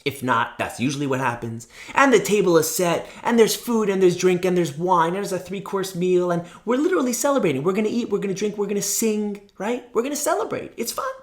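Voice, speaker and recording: A man who is a rabbi, telling a story in an animated, storytelling talk and breaking into excited shouts. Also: high voice, brisk, few pauses.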